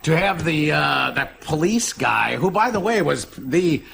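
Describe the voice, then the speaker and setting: A man's voice: a little high, sing-song, unhurried, gravelly, fairly bright tone, a little hiss or hum. A man hosting a late-night horror movie show, rambling through playful stories and jokes in loose studio banter.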